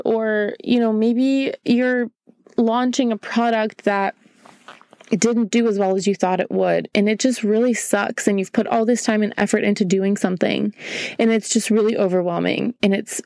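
A woman's voice: mid-range voice, darkish tone, dry recording. A young woman hosting a candid solo podcast, emotional and earnest, holding back tears. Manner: emotional, earnest, repeats "right?". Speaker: podcast host.

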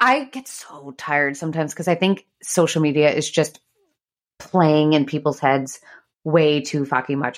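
A woman's voice: low voice, fairly bright tone. A woman hosting a podcast, chatting candidly and swearing freely as she tells stories about parenting. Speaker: podcast host. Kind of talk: casual chat.

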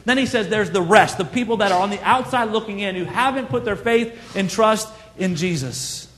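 A man's voice: sits high, moderate pace, fairly bright tone, big-room sound, slight background noise. A man preaching a sermon as pastor, earnest and conversational, pressing his points with emphatic repetition.

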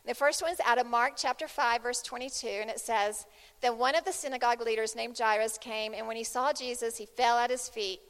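A woman's voice: a little high, steady tone, fairly quick, a bit bright, clean tone. A woman preaching a sermon, emphatic and repeating phrases as she builds intensity. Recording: long hall reverb.

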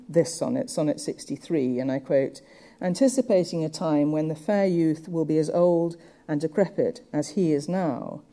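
A woman giving a measured, thoughtful lecture on poetry, with occasional fillers. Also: deep voice, warm tone. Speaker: literature lecturer.

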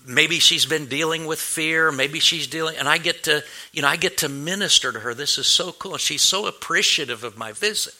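A man's voice: fairly high pitch, sharp tone. A male pastor telling a personal story in a sermon, earnest and anecdotal, with many restarts and fillers.

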